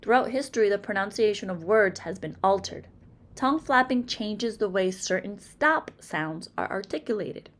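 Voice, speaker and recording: A woman's voice: mid-range voice, expressive. A woman with a Massachusetts accent teaching a phonics lesson, carefully sounding out example words one by one. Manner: slow, deliberate, over-articulating example words.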